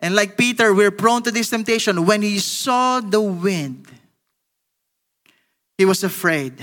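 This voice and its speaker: A man with a Filipino accent preaching a sermon, animated, acting out the lines of the people in his story. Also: sits high, measured pace, in a large hall. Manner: animated, switching between English and Tagalog, acting out Peter's lines.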